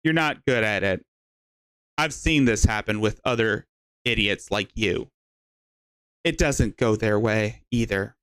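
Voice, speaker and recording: A man's voice: lowish voice, unhurried, pauses often, a bit bright, smooth, no echo. A man hosting a show, giving scornful, lecturing commentary on a clip. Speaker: host.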